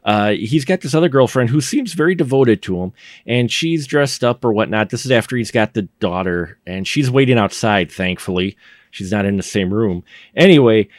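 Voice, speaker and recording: A man's voice: fairly low pitch, expressive, moderate pace, no room sound. A man co-hosting a podcast in casual movie review chat, rambling and jokey, recorded on a close mic in a dry studio room. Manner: rambling, jokey, acts out scenes with put-on voices. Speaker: podcast co-host.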